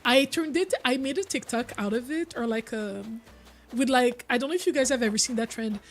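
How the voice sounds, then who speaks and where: A woman's voice: on the high side, fairly quick. Chatty woman streamer. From Quebec, Canada. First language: French. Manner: chatty, answers viewers' chat as she talks. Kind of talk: casual live-stream chat. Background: soft background music.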